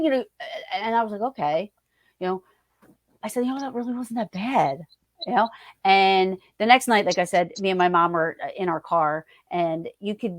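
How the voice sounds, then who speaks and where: A woman guest telling a story in an animated, excitable way, restarting lines and swearing freely. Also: fairly low pitch, no room sound.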